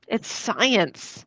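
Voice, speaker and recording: A woman joining a stream chat, laughing often and answering in a dry, dismissive way. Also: a bit bright. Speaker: stream guest. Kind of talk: casual chat.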